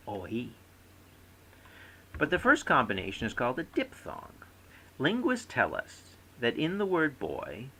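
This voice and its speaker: A man's voice: on the low side, gravelly, pushed and bright, poor audio. A man giving a scripted recorded lecture as a course instructor, reading aloud and demonstrating word stress by example.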